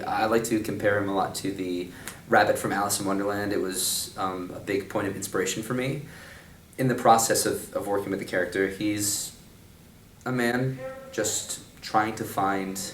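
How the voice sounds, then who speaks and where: A young man, a stage actor, reflecting on his character in an interview. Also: low-pitched. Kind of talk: interview about a role. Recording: roomy, distant mic, faint noise.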